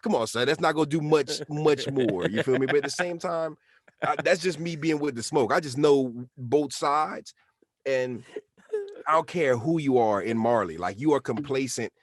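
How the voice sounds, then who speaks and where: A man co-hosting a podcast in casual chat, talking in an animated, slangy way and acting out quotes. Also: medium pitch, moderate pace, no room sound. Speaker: podcast co-host.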